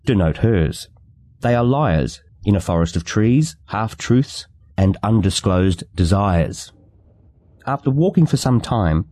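Brief: low, mellow man reading a novel aloud, steady and measured. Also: dry recording. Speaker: audiobook narrator. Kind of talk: scripted narration.

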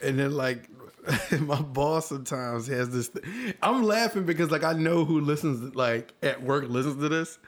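A man's voice: fairly high pitch, normal speed. A man co-hosting a casual chat, laughing as he mocks the small talk of coworkers and his boss. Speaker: podcast co-host.

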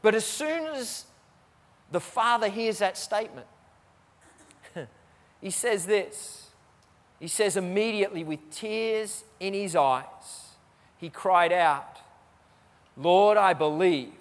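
High-voiced man preaching in a reverberant church. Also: expressive, slow, long pauses, fairly bright tone. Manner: preaching, repeats key phrases for emphasis. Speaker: pastor. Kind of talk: sermon.

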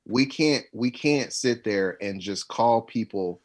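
A man's voice: fairly low pitch, takes it slowly. A man co-hosting a casual podcast chat, talking in an emphatic, insistent way and often repeating himself to drive a point home. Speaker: podcast co-host.

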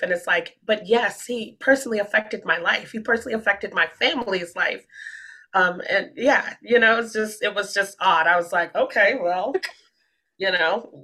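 A woman from the D.C. area tells a story in an animated, rambling way, often restarting her sentences. Her voice is bright and forceful, with a mid-range pitch. The delivery is casual podcast chat. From Washington, D.C. area.

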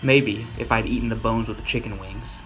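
Gritty deadpan man narrating horror. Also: on the low side, a little fast, soft background music. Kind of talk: first-person horror story narration.

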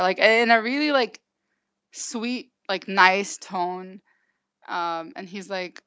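A woman in her twenties from the United States, recounting events in a halting way with many fillers and restarts. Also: medium pitch, steady tone, fairly bright tone. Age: 20s. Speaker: interview guest. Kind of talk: casual recounting. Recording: dull lo-fi recording.

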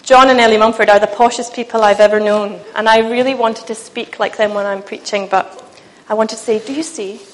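A woman preaching a sermon to a church, lively and self-mocking, talking with the congregation in a loose, conversational way. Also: medium pitch, brisk, a little hiss or hum, rough recording. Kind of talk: humorous sermon with a live demonstration. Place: church meeting.

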